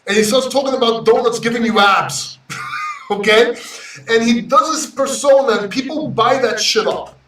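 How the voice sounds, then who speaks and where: A Greek man hosting a crypto livestream, talking to chat in an emotional, brash way, swearing and swinging between loud and quiet. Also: very high-pitched, huge pitch swings, normal speed, distant mic, background noise. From Greece. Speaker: crypto YouTuber reading live chat. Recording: roomy echo, off-mic sound.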